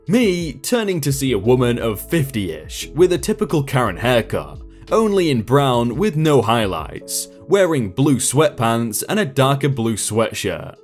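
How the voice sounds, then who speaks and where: A man reads a reddit story aloud in a wry storytelling manner. His pitch moves up and down expressively from line to line. Faint music plays in the background. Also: sing-song, a little slow. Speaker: storytime narrator.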